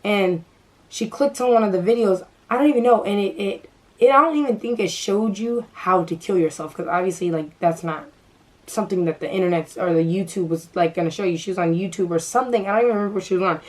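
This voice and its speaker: A woman's voice: medium pitch, fast talker, rough recording. Young woman vlogger, casual storytime to camera, nervous with frequent stutters and restarts. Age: young adult.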